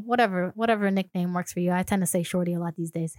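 A woman's voice: on the low side, fast, a little mellow, no room sound. A woman chatting casually as a podcast co-host, playfully acting out little scenes and dropping into a sultry voice. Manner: playful, acts out scenarios, drops to a sultry voice. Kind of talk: casual chat.

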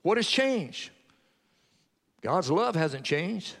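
Male preacher, high tenor, telling a testimony then exhorting; long hall reverb. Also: big pitch swings, drawn-out words, vocal fry, a bit bright. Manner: storytelling, quoting a convert's testimony. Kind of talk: sermon.

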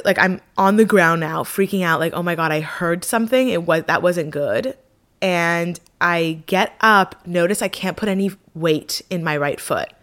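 A woman's voice: on the low side, fairly bright tone. A young woman telling a travel story to her camera in a casual vlog, chatty and self-deprecating with lots of fillers. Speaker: vlogger.

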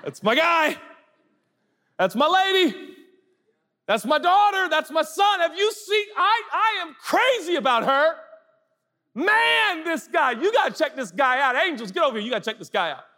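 A man's voice: high-pitched, very fast, hardly any pauses, voice pushed up. A man doing God bursting with pride. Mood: gushing, proud. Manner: excited, bragging to angels. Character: God as a gushing, proud heavenly father. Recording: live hall reverb.

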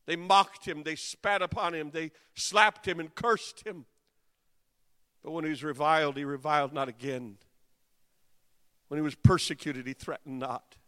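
A man preaching a dramatic sermon, swinging from hushed passages to impassioned cries. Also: fairly high pitch, steady tone, moderate pace, long pauses, smooth, big-room sound.

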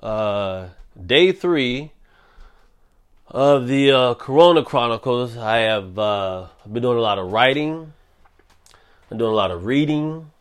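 A young man hosting a solo podcast, ranting in a profane, animated way. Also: mid-range voice, takes it slowly, clear, resonant tone. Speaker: podcast host.

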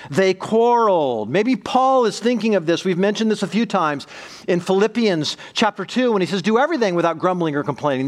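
A middle-aged pastor preaching a sermon with emphatic, repeating bursts of speech. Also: male voice, sits high.

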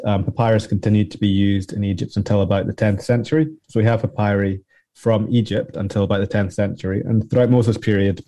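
A man answering as an academic guest in an interview, explaining at length with frequent pauses and restarts. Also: deep voice, dark tone, no echo. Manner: explanatory, many ums and restarts.

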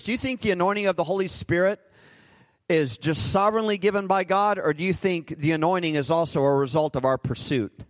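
A man preaching a live sermon in a church, swinging from loud, impassioned declarations to hushed, intimate passages. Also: fairly high pitch, no echo. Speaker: guest preacher. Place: church sanctuary.

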